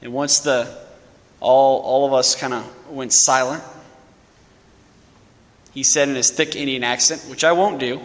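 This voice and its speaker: A man's voice: medium pitch, fairly even intonation, a little slow, pauses often. A young man from Louisiana, a parish priest giving a casual, story-driven sermon. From Louisiana, USA. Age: young adult. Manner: casual, storytelling homily with fillers. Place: church. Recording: echoey church hall.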